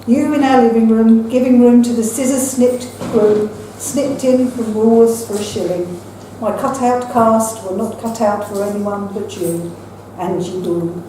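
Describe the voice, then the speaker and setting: An older woman reading her own poems at an open mic in a measured, recited way, with brief chatty asides between them. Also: on the high side, fairly even intonation, dark tone, a little hiss or hum. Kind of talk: poetry reading. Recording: echoey room from far off with faint ambience.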